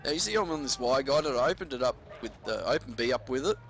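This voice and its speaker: A man's voice: mid-range voice, expressive, fast talker, a bit bright, a little hiss or hum. A young man casually commentating over his gameplay at home, laid-back with frequent swearing and ranty asides.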